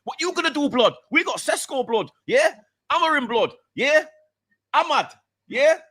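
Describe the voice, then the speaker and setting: A man's voice: very high voice, very animated, moderate pace, bright, forceful tone. A man co-hosting a football show, bantering and teasing in heavy slang. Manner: slangy, teasing, tags lines with "blood".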